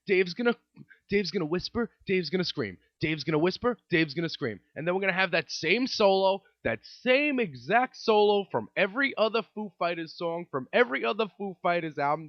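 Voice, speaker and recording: A man's voice: high voice, no echo. A man hosting a comedy podcast, ranting sarcastically and repeating his points. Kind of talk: comedic rant. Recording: dry, dull lo-fi sound.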